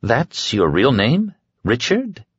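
A man's voice: mid-range voice, animated, unhurried, no echo, voice pushed up. A frightened young woman, as a male narrator puts her on, her voice lifted and strained as she pleads. The reading is an audiobook, caught in a dull, dry sound with no room around it.

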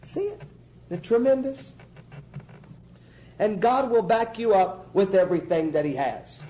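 A man with a high, mellow voice teaching a church class. He talks with folksy emphasis and keeps pausing to check that his listeners follow him. The delivery is spoken teaching rather than a formal sermon. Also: animated, a little hiss or hum, poor audio.

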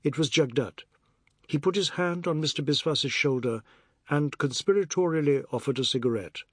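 A man reading a novel aloud as narrator in a measured, even storytelling manner. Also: on the high side, slightly rough, no echo, studio quality. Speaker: audiobook narrator. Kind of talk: scripted narration.

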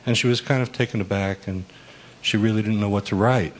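A man tells a personal story to a group. He speaks softly and hesitantly with frequent pauses. His voice is lowish, with faint room ambience behind it. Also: fairly even intonation, a little hiss or hum. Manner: soft, hesitant with many pauses. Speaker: workshop participant.

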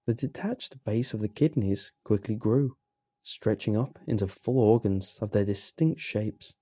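Casting note: male horror narrator, unhurried and grim, mellow and dark tone. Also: on the low side, husky, no room sound, clean studio sound. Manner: slow, grim, measured storytelling.

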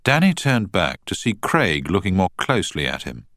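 Deep low male voice, lively expressive reading, audiobook narration, dry close sound. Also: moderate pace, no room sound. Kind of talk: scripted narration.

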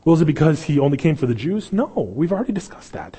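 A man's voice: fairly high pitch, quick pace, husky, big-room sound. A man preaching a sermon as pastor, telling the story with energy and acting out the voices of the people in it. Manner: animated storytelling, acts out voices. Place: church sanctuary.

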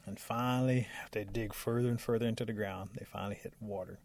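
A man telling a folk tale in a relaxed, lively way. His voice is low and gravelly. The sound is dry and close, from a studio mic. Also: fast, no room sound. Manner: relaxed, lively narration with occasional laughs. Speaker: storyteller.

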